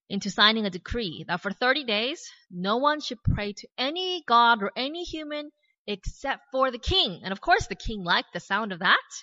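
An Australian woman preaching a sermon, retelling a Bible story with lively storytelling and casual asides. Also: medium pitch, dry recording. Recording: dry, slightly dull recording.

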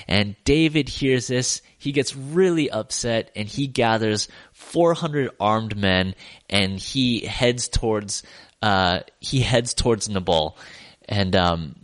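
A man's voice: fairly low pitch, fairly bright tone, dry recording. A man giving a casual sermon, retelling a Bible story in a conversational way with wry asides. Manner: conversational, many fillers and restarts, wry asides.

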